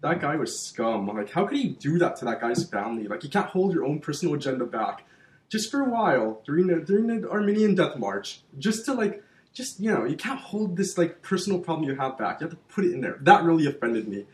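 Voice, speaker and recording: Animated swearing man in an echoey room. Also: a little high, fairly quick. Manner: animated, swearing, heated storyteller. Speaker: podcast co-host. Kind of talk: casual chat, storytelling.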